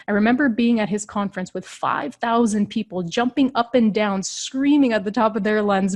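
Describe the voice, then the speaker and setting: A woman in her thirties, a leadership coach, telling a personal story in an earnest, heartfelt way, speeding up and slowing down as she recounts it. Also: mid-range voice, darkish tone. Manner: earnest, heartfelt, shifting tempo while recounting.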